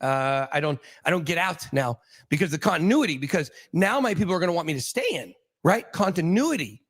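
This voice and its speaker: Rambling higher-voiced man hosting. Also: lively intonation, a little fast, breathy edge. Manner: rambling, many restarts and fillers. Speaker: host. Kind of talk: casual speculative talk.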